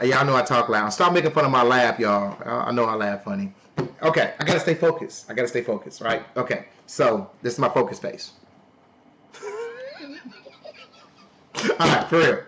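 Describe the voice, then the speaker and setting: A man hosting a live stream, talking loudly and playfully to his viewers in a casual sales pitch. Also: lively intonation, brisk, lo-fi sound. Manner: loud, playful, talks to chat. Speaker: livestream host.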